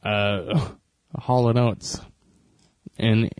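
A man co-hosting a podcast, telling stories in halting casual chat full of uh and you know. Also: fairly low pitch, steady tone, darkish tone, no echo. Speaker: podcast co-host.

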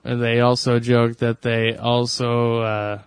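A man's voice: mid-range voice, monotone, takes it slowly, clear, resonant tone, dry recording. Man sharing trivia, dry close sound. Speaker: co-host. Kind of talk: casual podcast chat.

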